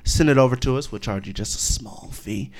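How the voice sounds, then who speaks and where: A man's voice: medium pitch, a little fast, darkish tone. A man hosting a radio show in a loose, joking, rambling way. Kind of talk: casual radio chat.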